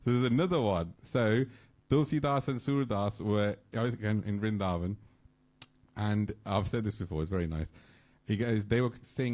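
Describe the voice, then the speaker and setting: A man with a low voice tells devotional stories at a temple gathering. He acts out the characters' lines with lively energy. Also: normal speed. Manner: animated storyteller, acts out dialogue. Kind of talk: storytelling talk. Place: temple hall.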